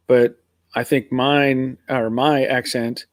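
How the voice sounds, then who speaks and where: A man's voice: medium pitch, flat delivery, slow pace, no room sound. A middle-aged man from Pennsylvania with an American accent somewhere between Northern and Southern US, hosting a live stream in casual, rambling chat and reading out viewer comments. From Pennsylvania, USA. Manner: rambling, easygoing, chuckling.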